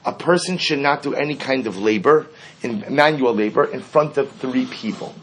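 Male Talmud teacher, slightly husky tone, mid-range pitch, explains each passage with rhetorical questions. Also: moderate pace. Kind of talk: Talmud class lecture.

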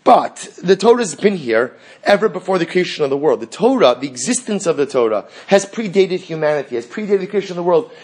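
A man teaching a Talmud class, telling the story with animated dialogue and rhetorical questions. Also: sits high, a little fast. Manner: animated storytelling, acting out dialogue between characters; frequent restarts and rhetorical questions. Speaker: Torah teacher.

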